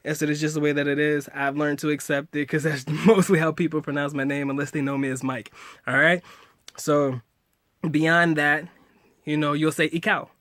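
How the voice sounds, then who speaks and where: A relaxed man in his late twenties talks to camera in a loose, slangy way and keeps cracking jokes. His voice sits a touch higher than most men's. The sound is close and dry with almost no room in it. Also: normal speed, no room sound. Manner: laid-back, joking, slangy, laughs often. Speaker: vlogger teaching phrases. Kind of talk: casual video tutorial.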